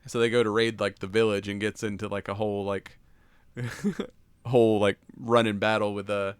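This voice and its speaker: A man's voice: fairly low pitch, flat delivery, moderate pace, smooth, no room sound. A man co-hosting a podcast, recapping a movie in casual chat, loose and swearing, with lots of fillers. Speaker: podcast co-host.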